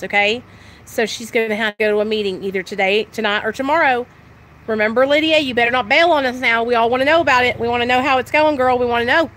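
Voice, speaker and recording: A young woman chatting loudly and excitedly on a live stream about her recovery, talking straight to her viewers. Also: a little high. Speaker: recovery vlogger. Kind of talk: casual live-stream chat.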